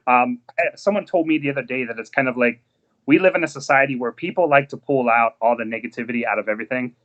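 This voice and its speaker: A man speaks quickly as a guest in a casual live-stream chat. His talk is loose and conversational, with a frustrated edge. The sound is dull and lo-fi. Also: medium pitch, fairly bright tone.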